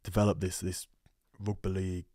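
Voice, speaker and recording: A man's voice: sits low, flat delivery, brisk, dark tone, no room sound. A man with a thick Yorkshire accent, a rugby player guest telling stories in a casual studio chat, laughing often and repeating words as he talks. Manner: chatty storyteller with frequent laughs and repeated words. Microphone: studio microphone.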